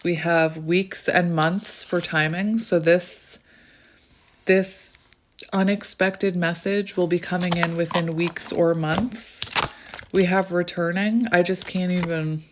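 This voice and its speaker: A woman giving a channelled tarot reading in a chatty way, often breaking into excited exclamations. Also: lowish voice, a little hiss or hum. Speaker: tarot reader.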